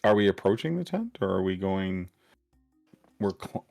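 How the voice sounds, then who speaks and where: A man narrating a tabletop game as game master, describing scenes in a halting way with many fillers. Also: low-pitched, big pitch swings, vocal fry, a little mellow, faint music behind.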